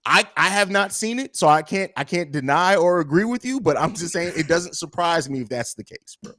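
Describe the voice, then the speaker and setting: A man's voice: on the high side, expressive, a little fast, pushed and bright, dry recording. A man co-hosting a sports podcast, making his case in casual debate and backing his points with stats. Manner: argumentative, builds points with stats, repeats phrases.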